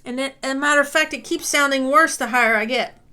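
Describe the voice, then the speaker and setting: A woman's voice: high-pitched, fast. A woman teaching a music lesson, talking patiently and reassuringly, often checking in with "okay?", and sometimes singing along.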